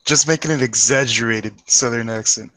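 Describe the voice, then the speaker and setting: A man's voice: mid-range voice, normal speed, bright, forceful tone. A man in a casual group chat, making dry jokes. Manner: dry joking.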